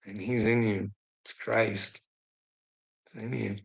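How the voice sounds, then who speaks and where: A man's voice: lowish voice, flat delivery, takes it slowly, vocal fry, slightly rough, poor audio. A man hosting a rambling live stream, preaching and teasing a viewer directly, laughing often between lines. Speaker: livestream host.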